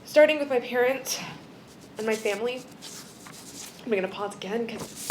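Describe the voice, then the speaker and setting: A woman's voice: fairly high pitch, moderate pace, background noise. A young woman giving an emotional acceptance speech at an event, tearful and laughing, often losing her place in her script. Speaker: award speaker.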